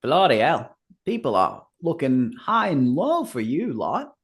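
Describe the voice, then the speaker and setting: A man's voice: mid-range voice, wildly swooping pitch, measured pace, pitched above the performer's own voice. A man voicing a blunt, coarse female smuggler who swears under her breath, in a tabletop role-playing game. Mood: gruff.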